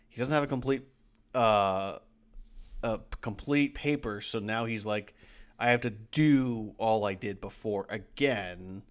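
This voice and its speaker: A man co-hosting a casual rewatch podcast, rambling and laughing as he retells scenes. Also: lowish voice. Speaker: podcast co-host.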